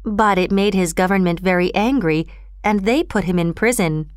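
A woman voicing a gentle, soothing mother in a storybook reading. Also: mid-range voice, normal speed, no room sound, clean studio sound, lightly acted. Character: warm, gentle mother reassuring her children.

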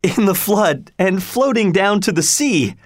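A man's voice: fairly high pitch, big pitch swings, unhurried, dry recording, studio quality. Robin, a man voicing a bold, hearty outlaw chief. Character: cheerful bold male outlaw leader.

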